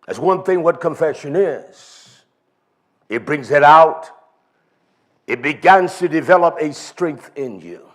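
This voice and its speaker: A man's voice: a little high, animated, slow. A man preaching a sermon in an emphatic, repetitive style, driving his points home.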